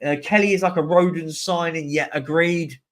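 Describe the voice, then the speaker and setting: A man's voice: a little high, steady tone, normal speed. A young man hosting a live stream, chatting casually and answering viewer comments as they come in. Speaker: livestream host.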